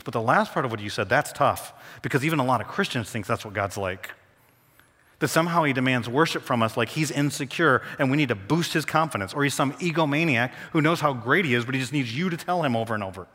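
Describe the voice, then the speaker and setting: A male pastor preaching a sermon, animated, slowing down to read quotes aloud. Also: medium pitch. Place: church hall. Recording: long reverb of a large hall.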